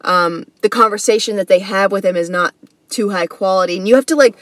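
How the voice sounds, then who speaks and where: A woman's voice: medium pitch, fairly quick, dry recording. A woman hosting a comedy podcast, telling a story in a slangy, earnest, casual way. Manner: slangy and earnest, says bro and dude.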